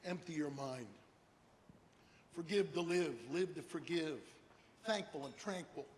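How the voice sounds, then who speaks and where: An older man giving a humorous motivational keynote speech, animated storytelling and rhyming slogans. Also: a little high, a little slow. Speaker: keynote speaker. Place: large hall with an audience. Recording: echoey hall, faint noise.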